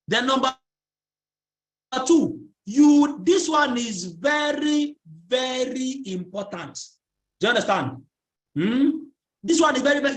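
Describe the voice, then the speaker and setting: In a very high voice that echoes around the room, a Nigerian-accented network marketing trainer delivers a motivational training session. He keeps firing questions at listeners and prompts them to complete his sentences.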